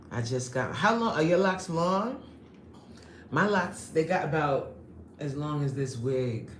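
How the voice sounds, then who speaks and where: Lively woman chatting on a live stream. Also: extremely low pitch, echoey room, a little hiss or hum. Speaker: live-stream host reading chat. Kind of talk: casual live-stream chat.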